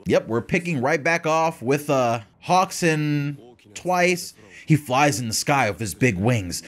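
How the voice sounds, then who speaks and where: A man talks through an anime episode in casual reaction commentary. His voice is chatty and sprinkled with slang. The pitch swings widely in a middle register. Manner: animated and chatty, uses slang and tag questions. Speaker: anime reaction channel host.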